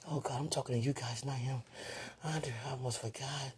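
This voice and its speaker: A woman chatting casually to her online viewers about faith, sleepy and yawning, who keeps slipping into breathy whispered asides. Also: very deep voice, fairly quick, slight background noise. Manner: sleepy, yawning, animated bursts. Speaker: online talk host.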